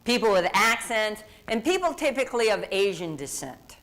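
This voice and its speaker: A woman's voice: mid-range voice, big pitch swings, normal speed, fairly bright tone. A woman diversity speaker giving a conversational lecture, often quizzing her audience.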